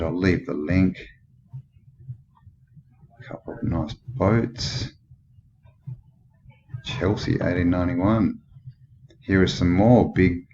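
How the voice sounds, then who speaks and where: An Australian man giving a rambling commentary over old photos, musing and skeptical, thinking aloud with many questions. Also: low-pitched. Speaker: channel host. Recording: dull lo-fi with clear background noise.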